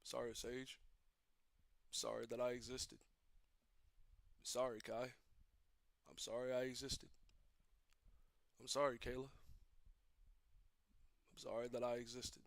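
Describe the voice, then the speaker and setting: Gravelly, despairing young man, dry sound. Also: mid-range voice, level tone, no echo. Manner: halting, repetitive, despairing monologue. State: emotionally distressed. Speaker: streamer. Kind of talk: emotional solo rant.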